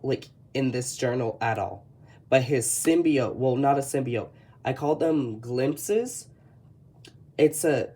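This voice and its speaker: An artist with a Texan accent chats their way through an old sketchbook, wandering off track and stopping often to self-correct. Their voice is medium-pitched and a little mellow.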